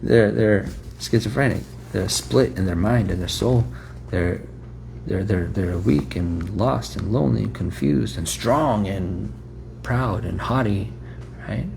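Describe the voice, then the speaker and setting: A man's voice: lowish voice, a little slow, creaky, a little mellow, slight background noise. A man preaching a sermon in a rhetorical, repetitive way, often checking in with "right?".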